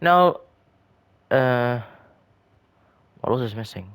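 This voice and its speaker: A man's voice: medium pitch, expressive, takes it slowly, fairly bright tone, clean tone. A man giving casual, rambling commentary on his own game builds, often stumbling and restarting his sentences. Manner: rambling, hesitant, frequent restarts and self-corrections. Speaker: gaming video creator.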